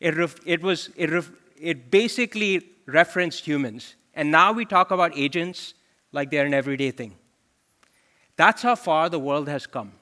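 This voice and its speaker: A man in his forties delivers a keynote from a conference stage, with a bright, slightly high voice. He talks in a loose conversational way and keeps turning to the audience with questions. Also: normal speed. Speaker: chief product officer giving a keynote. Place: large conference hall.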